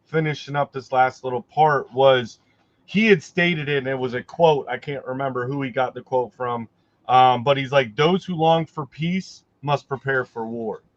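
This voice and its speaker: A man's voice: mid-range voice, normal speed, no room sound, highs cut off. A man co-hosting a casual livestream chat, speaking in a hesitant, conversational way with many fillers. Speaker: co-host.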